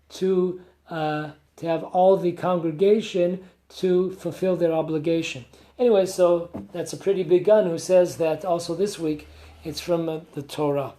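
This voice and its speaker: A man's voice: sits high, mellow. A man, a rabbi, giving a conversational Torah class with rhetorical questions and asides. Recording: echoey room.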